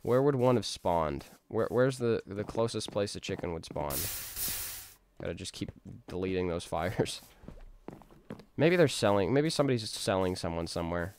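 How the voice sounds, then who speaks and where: A man's voice: deep voice, expressive, moderate pace, darkish tone, slight background noise. A man giving casual, rambling gameplay commentary, talking to himself with jokey outbursts. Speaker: gaming streamer.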